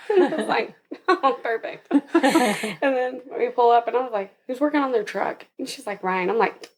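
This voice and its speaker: A woman's voice: fairly high pitch, expressive, unhurried, a little mellow, slightly rough. A young woman, a podcast guest, tells a personal story in casual interview talk, laughing often and acting out the voices of people she quotes.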